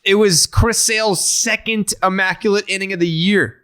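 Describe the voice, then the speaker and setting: A man's voice: high-pitched, steady tone, moderate pace, a bit bright, clear, resonant tone. A man hosting a podcast, ranting profanely and with heat in casual chat. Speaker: podcast host.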